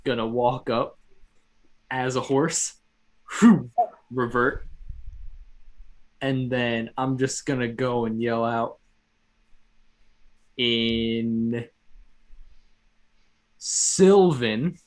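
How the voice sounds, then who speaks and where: Slow-talking young male player. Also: mid-range voice, flat delivery. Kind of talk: playing a tabletop game.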